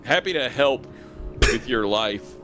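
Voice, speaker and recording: A man's voice: medium pitch, animated, slow pace, fairly bright tone, soft background music. A man co-streaming a video game, bantering with sarcastic jokes. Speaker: guest co-streamer. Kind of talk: casual let's-play chat.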